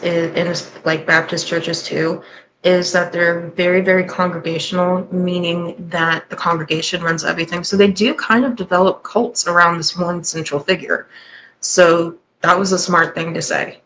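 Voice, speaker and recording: A woman with a fairly low voice hosts a reaction commentary. She talks candidly and with a sarcastic, skeptical edge. A faint hum of noise sits under her voice. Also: steady tone, normal speed, a bit bright, poor audio. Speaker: host and commentator.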